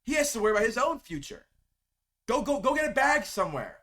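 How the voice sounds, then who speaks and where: A man vents to camera about his team in a heated fan rant, often stumbling over and repeating his words. His voice sits high and swings widely in pitch. The tone is bright and sharp. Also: big pitch swings, fast. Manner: heated, venting, repeats words when upset. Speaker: sports video creator.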